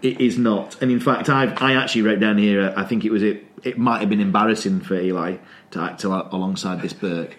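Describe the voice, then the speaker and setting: A man's voice: lowish voice, steady tone, a little fast, few pauses, fairly bright tone, echoey room. A man, recapping a TV episode in casual chat and acting out the characters' lines as he goes. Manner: retells scenes by acting out lines in quotes.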